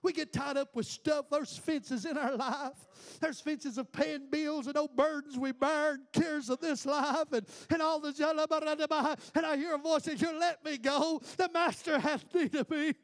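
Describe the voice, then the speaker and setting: A pastor preaches in a strikingly high voice. He piles up fervent rhetorical questions to his congregation in the church. It is a classic revival-style sermon. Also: fairly even intonation, moderate pace, hardly any pauses. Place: church building before a congregation.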